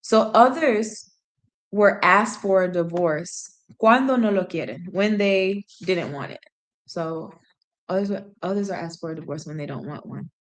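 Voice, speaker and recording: A woman's voice: on the low side, unhurried. Woman streamer working through a book translation on air, musing and self-correcting. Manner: thinking aloud, self-correcting. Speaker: language learner streamer. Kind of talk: reading aloud and translating.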